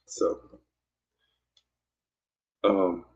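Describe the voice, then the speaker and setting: A Mississippi man with a Southern accent hosts a podcast over a casual livestream, rambling, teasing, and restarting amid many fillers. He speaks very slowly with a darkish tone. The dull lo-fi recording has slight background noise.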